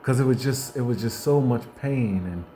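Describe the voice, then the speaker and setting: A man giving an unscripted faith monologue in a folksy, conversational way. He repeats himself and restarts often, moving between hushed reflection and fired-up bursts. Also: mid-range voice, normal speed, slight background noise. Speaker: motivational faith speaker.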